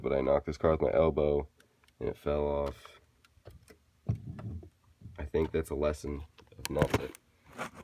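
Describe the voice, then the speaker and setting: A man's voice: rumbling low, a little mellow, slight background noise. A young man casually showing his diecast car collection to viewers, rambling, correcting himself and joking as he goes. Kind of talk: casual chat to camera.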